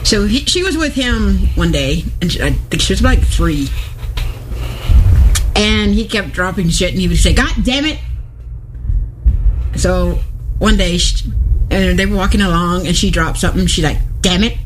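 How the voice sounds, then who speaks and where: A woman's voice: on the low side, moderate pace, background noise. A woman co-hosting an internet radio show, telling stories and laughing often in casual chat. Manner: laughing, animated storytelling.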